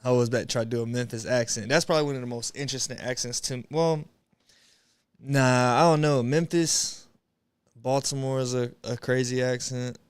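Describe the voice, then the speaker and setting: A young man talks to his livestream viewers in a loose, rambling way, full of slang and swearing. His voice sounds smooth and clear. It comes through a close mic in a dry room with no echo. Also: mid-range voice, steady tone, moderate pace. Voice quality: laid-back, rambling, slangy with frequent swearing. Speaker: streamer. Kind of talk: casual livestream chat.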